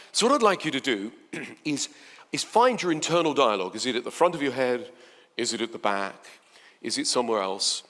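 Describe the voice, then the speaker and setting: A man giving a chatty, playful seminar talk to a live audience, swinging between soft and loud. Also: medium pitch, big-room sound. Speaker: motivational speaker.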